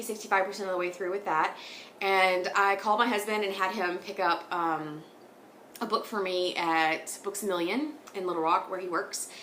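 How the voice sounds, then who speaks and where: A woman's voice: on the low side, fairly bright tone, reverberant, a little hiss or hum. A woman in her thirties hosting a knitting podcast, chatting casually and rambling, laughing often. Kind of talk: casual chat. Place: home sitting room.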